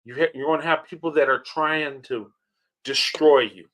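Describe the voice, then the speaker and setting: A man's voice: fairly high pitch, moderate pace, fairly bright tone. A man hosting a reaction video, commenting on clips in an earnest, heartfelt way, often laughing and repeating himself. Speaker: channel host reacting to clips.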